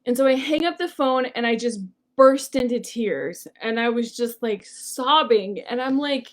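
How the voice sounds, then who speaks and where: A young adult woman leading a workshop as a personality coach speaks at a moderate pace in a slightly high voice. She teaches the lesson through chatty, casual storytelling, leaning often on "like" and "um".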